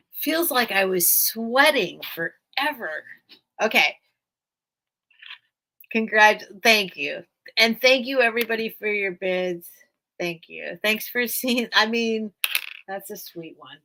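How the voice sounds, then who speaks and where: A woman's voice: a little high, animated, takes it slowly, pauses often, pushed and bright. A woman hosting a casual live-stream sale from home, chatty and rambling, often thanking her viewers.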